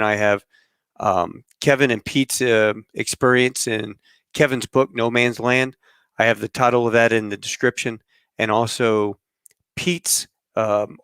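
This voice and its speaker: A man's voice: medium pitch, a bit bright, clean tone, no room sound, studio quality. A middle-aged man hosting a podcast in a loose, rambling chat with fillers and pilot slang. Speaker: podcast host.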